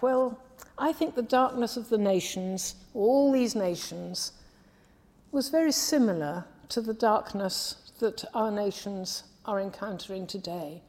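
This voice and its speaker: A woman from the English Midlands preaching a sermon in a measured, earnest way, often trailing off softly at the ends of phrases. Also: mid-range voice. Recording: long hall reverb.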